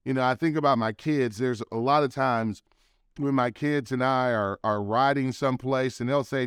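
Man preaching a sermon, crisp and dry. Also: medium pitch, no room sound. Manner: preaching with swelling emphasis and slow, drawn-out calls. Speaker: pastor.

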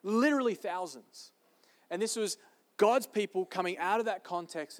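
Pastor, male, high-pitched and emphatic, preaching in a big reverberant hall. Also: normal speed. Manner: emphatic, repeating key phrases. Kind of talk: sermon. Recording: long reverb of a large hall.

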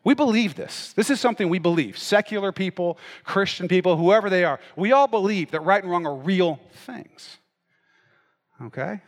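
A man's voice: high-pitched, normal speed, long reverb tail. A male pastor preaching a sermon in a casual, conversational way, often checking in with the crowd by asking "right?" and "okay?".

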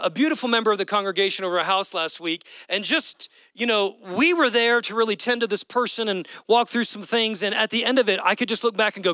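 High, bright-voiced animated male pastor. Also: dry recording. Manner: animated and conversational, acting out dialogue. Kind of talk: sermon.

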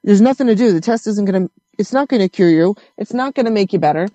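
A woman telling a story in casual conversation, animated and swearing as she acts out what others said. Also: mid-range voice, fast talker, no room sound.

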